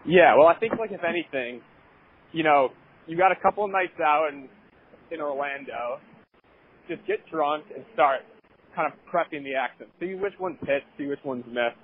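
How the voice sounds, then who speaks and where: A man's voice: on the high side, normal speed, narrow, tinny audio, a little hiss or hum. Laid-back man talking while walking. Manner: laid-back, hesitant, many fillers. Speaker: podcast co-host. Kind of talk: casual podcast chat. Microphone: headphone mic.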